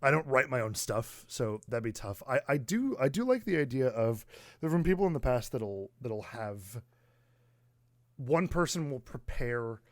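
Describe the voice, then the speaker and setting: A man from the United States chats as a podcast co-host at a mid pitch. He talks in an animated way, with plenty of fillers and bursts of mock outrage. His close mic is dry. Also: moderate pace, dry recording. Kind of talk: casual chat.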